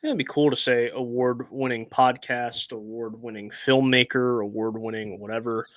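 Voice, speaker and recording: A man's voice: mid-range voice, steady tone, moderate pace, a bit bright, no echo. A man co-hosting a sports podcast, talking in a reflective, easygoing way with fillers. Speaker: podcast co-host. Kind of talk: casual podcast chat.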